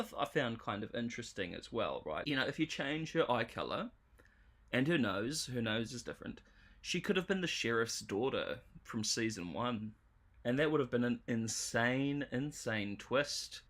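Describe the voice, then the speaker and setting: A man's voice: medium pitch, bright, forceful tone. Exasperated man ranting about a show. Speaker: show reviewer streamer. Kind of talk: livestream commentary.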